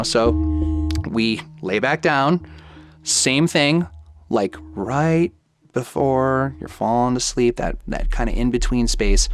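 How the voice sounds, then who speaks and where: A man in his thirties telling a personal ghost story in a casual way, acting out the quoted dialogue and using lots of "like". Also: medium pitch. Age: 30s. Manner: lively retelling that acts out quoted dialogue, with many "like"s. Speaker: guest storyteller.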